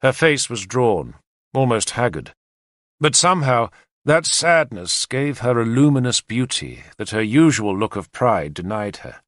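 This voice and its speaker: A male audiobook narrator telling a first-person story at a measured pace. His mid-range voice moves freely in pitch, and the sound is close and dry. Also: big pitch swings, a bit bright, no echo. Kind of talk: scripted narration of a historical novel.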